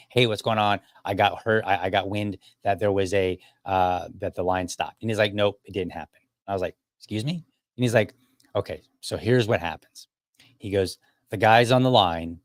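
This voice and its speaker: A man with a low voice tells a long story on his podcast in a loose, casual way. He stumbles and repeats words, then throws himself into the quoted lines. The sound is close and dry. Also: no room sound. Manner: animated retelling, acts out quoted dialogue; frequent restarts and repeated words. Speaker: podcast host.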